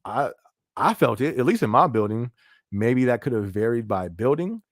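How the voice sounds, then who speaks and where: A man's voice: mid-range voice, lively intonation, moderate pace, no echo, clean studio sound. Laid-back man chatting on a live stream. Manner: laid-back, laughs often, frequent fillers like "you feel me". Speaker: livestream podcast host. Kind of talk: casual live-stream chat reading viewer comments.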